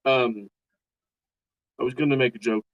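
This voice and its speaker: A man's voice: medium pitch, steady tone, a little slow, dry recording, highs cut off. A man on a podcast, chatting casually and musing through a half-joking theory. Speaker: podcast co-host. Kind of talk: casual chat. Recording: dry close sound.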